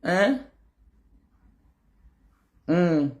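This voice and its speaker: Animated Nigerian woman ranting to camera. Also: on the low side, very slow. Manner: rambling, animated, mixes pidgin with local-language phrases. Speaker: online video host. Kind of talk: casual rant to camera.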